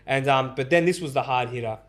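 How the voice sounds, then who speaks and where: A man's voice: mid-range voice, fast, a bit bright. Give me an earnest man chatting casually on a podcast, restarting his sentences. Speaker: podcast host and barber. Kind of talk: casual storytelling chat.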